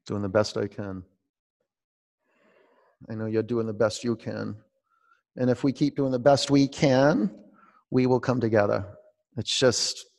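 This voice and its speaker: A man guiding a yoga class at home, talking in a relaxed, conversational way and drawing out his cues. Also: lowish voice, vocal fry, long reverb tail. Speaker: yoga teacher. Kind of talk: guided yoga class instruction.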